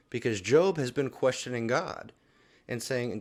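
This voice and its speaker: A man's voice: mid-range voice, lively intonation, moderate pace. A man hosting a daily Bible reading video, talking through the scripture casually and often checking in with a questioning "right?". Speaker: Bible reading plan host.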